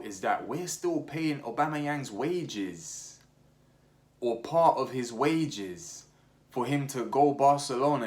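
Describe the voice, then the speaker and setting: A young man talking casually about football as a podcast host, full of slang, restarts and fillers. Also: mid-range voice. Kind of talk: casual opinionated chat.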